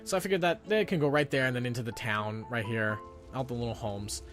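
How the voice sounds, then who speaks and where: A young man chatting his way through a gameplay recording in a loose, rambling style. He keeps acting out his own thoughts as quotes and drifts from point to point. Game music plays clearly behind his voice. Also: mid-range voice, brisk. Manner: rambling, self-narrating with quoted inner thoughts. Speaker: gameplay commentator. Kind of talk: casual gameplay commentary.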